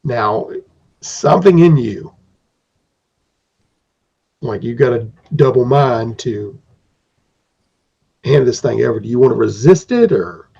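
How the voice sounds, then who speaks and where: A man's voice: mid-range voice, animated, slow pace, vocal fry, pauses often, warm tone, slightly rough. A man acting as game master, narrating a tabletop game in a rambling, descriptive way on a dull lo-fi recording.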